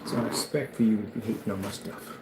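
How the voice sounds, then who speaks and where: A man's voice: on the low side, fairly even intonation, fast, noisy background. A man chatting casually as he shows off a do-it-yourself build, rambling and hyping it up. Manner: hyped, rambling, self-promoting. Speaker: DIY builder.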